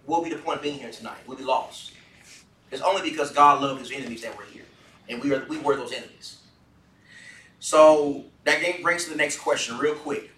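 A man leads a Bible study with a bright, forceful voice that sits a little high for a man. He earnestly puts questions to the group. The sound is roomy, caught from a distance. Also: a little hiss or hum. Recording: echoey room from far off.

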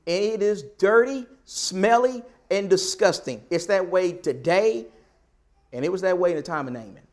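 High-voiced man preaching animatedly. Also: moderate pace. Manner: animated, acts out characters' lines. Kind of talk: sermon.

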